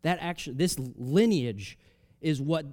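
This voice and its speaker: A man preaching a sermon, reading scripture aloud and explaining it in a conversational way, swinging between loud emphatic rises and soft drops. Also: fairly high pitch, lively intonation, slow pace. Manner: reads scripture aloud, then explains it casually with fillers.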